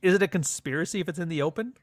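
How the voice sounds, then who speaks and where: A man's voice: high-pitched, racing, no echo. A young man, hosting a livestream in a sardonic, profane, rambling monologue. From Canada. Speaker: livestream host. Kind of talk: casual ranting monologue.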